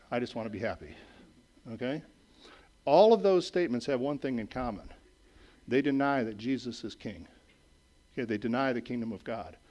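A middle-aged man preaching a sermon in a conversational way, checking in with "okay?" and "right?" and moving between raised emphatic lines and quiet low asides. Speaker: pastor.

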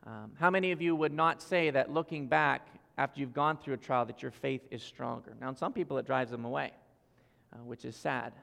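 A man preaching a sermon as pastor, earnest and speaking straight to his congregation, swinging between loud emphasis and soft asides. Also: mid-range voice, brisk, gravelly. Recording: long hall reverb.

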